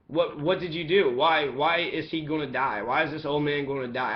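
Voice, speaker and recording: A man's voice: a little high, normal speed, lo-fi sound. A man giving an angry, profane monologue as a commentator, heated and ranting throughout.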